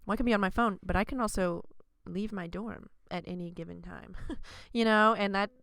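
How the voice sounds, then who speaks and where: A woman's voice: mid-range voice, moderate pace, gravelly, no room sound. A young woman from Arkansas hosting a casual student podcast, rambling with fillers. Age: young adult. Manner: relaxed, rambling with many fillers. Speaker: podcast host. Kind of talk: casual chat.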